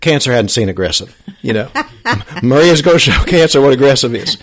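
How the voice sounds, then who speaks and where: A man's voice: mid-range voice, animated, fairly quick, slight background noise. A man co-hosting a live show, explaining things in a supportive way. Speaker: show co-host. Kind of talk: casual live show talk.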